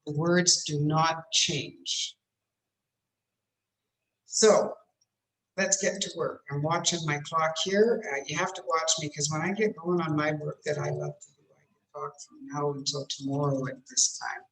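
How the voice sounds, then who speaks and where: A woman running an interactive online communication workshop, speaking in an expressive, emphatic way as she demonstrates. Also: deep voice, normal speed, reverberant, rough recording. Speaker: communication trainer.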